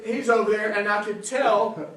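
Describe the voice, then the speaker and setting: Animated Southern preacher in an echoey hall. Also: male voice, high voice, normal speed, far from the mic. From South Carolina, USA. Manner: animated, laughing, loud bursts. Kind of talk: comic storytelling sermon.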